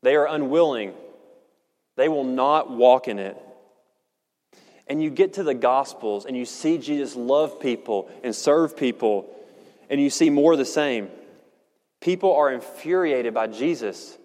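A man's voice: medium pitch, animated, a little mellow. Earnest man preaching in reverberant hall. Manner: earnest, measured, slows for emphasis. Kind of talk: sermon. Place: church sanctuary.

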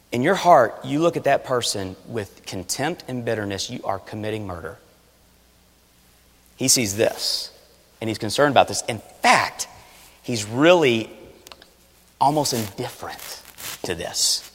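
A man preaching a sermon, animated, swinging between loud urging and hushed asides. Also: medium pitch, normal speed. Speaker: pastor. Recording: long reverb of a large hall. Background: audience.

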